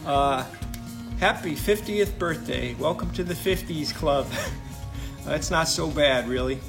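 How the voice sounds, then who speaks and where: A jovial man in his fifties speaks slowly with a slightly high voice. Music plays clearly behind him.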